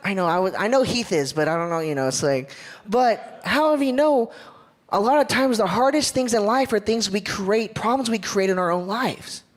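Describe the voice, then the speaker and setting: A man's voice: high-pitched, moderate pace. Upbeat Ohio man giving a church talk. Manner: upbeat, joking, engages the audience. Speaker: church leadership speaker. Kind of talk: casual sermon talk.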